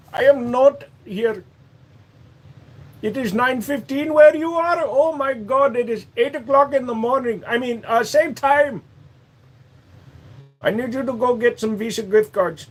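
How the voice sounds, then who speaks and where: A pushy phone scammer with a thick put-on accent nags and insists in a raised, urgent pitch. A man acts it out in his livestream banter. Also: measured pace, pauses often, rough recording. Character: fast-talking male phone scammer with an accent.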